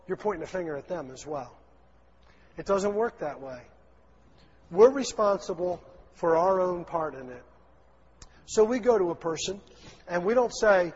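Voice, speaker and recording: Southern male pastor, husky tenor, folksy sermon, lo-fi recording in a reverberant sanctuary. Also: sits high, expressive, normal speed, darkish tone. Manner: folksy, acts out little dialogues, chuckles. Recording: dull, lo-fi sound in a long-echo hall.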